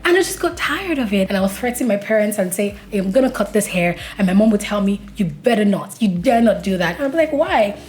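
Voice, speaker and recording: A woman's voice: mid-range voice, fairly quick, hardly any pauses, a little mellow, a little hiss or hum. Young woman, from Nigeria, vlogger, chatty storyteller, quotes people in their own voices. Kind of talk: casual vlog monologue.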